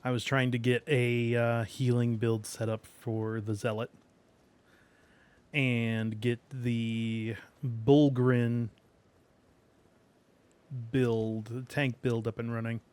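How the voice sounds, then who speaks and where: A man streaming a game, chatting casually while he plays, rambling along with fillers and soft laughs. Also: mid-range voice, flat delivery, slow pace, pauses often, clean tone. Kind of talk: casual gameplay commentary.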